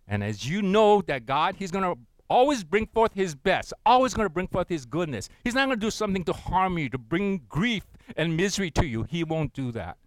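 A man preaching a sermon in a fairly high voice, recorded close and dry. He calls his listeners to read scripture aloud with him. His delivery swings from loud and urgent to soft and hushed. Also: sing-song, normal speed, dry recording. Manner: preaching, leads congregation in reading aloud. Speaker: pastor.

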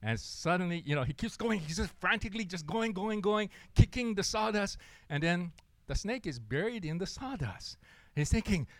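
A young man preaching a sermon, telling a story in an animated way and acting out the people in it. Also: high voice, normal speed, no echo. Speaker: pastor.

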